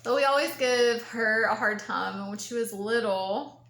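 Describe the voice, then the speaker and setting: A woman's voice: fairly high pitch, moderate pace. A woman, co-hosting a podcast, chatting casually and laughing as she tells stories. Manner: giggly storyteller, quotes others in lively voices. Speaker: podcast co-host. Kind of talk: casual chat. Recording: echoey room.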